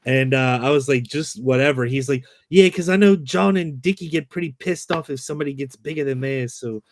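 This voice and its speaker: A man hosting a casual recap chat, telling his stories with lots of acted-out quotes and swearing. His pitch sits in the middle and his voice is plain and ordinary. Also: brisk, no echo. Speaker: channel host.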